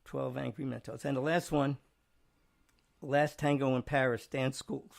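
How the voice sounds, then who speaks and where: A man's voice: medium pitch, flat delivery, measured pace, gravelly. A man hosting a casual studio chat show, rambling and chuckling as he reads out jokes. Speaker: show host.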